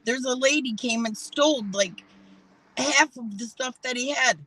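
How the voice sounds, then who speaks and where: A man's voice: extremely high pitch, unhurried, bright, forceful tone, rough recording. A man relaying viewer comments on a livestream, talking hesitantly with fillers. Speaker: co-streamer reading chat.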